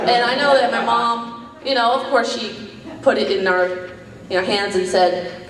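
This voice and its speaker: A woman's voice: a little high, lively intonation, normal speed, over a noisy crowd, very noisy. A woman performing a stand-up comedy set, rambling and self-deprecating, with lots of "um" fillers, laughing at her own jokes. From New York. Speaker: stand-up comic. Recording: roomy, from a distance.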